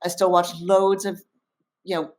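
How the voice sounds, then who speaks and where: Woman, middle-aged, low-pitched, interview guest, reflective, earnest, fillers and restarts. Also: little pitch movement, a little slow, a little mellow. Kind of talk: casual conversational interview.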